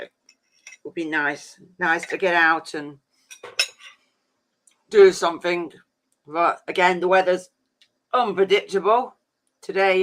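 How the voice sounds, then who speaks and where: A man's voice: on the high side, pushed and bright. Chatty man. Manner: rambling, chatty, says "flipping" often. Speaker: live streamer. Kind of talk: casual live-stream chat.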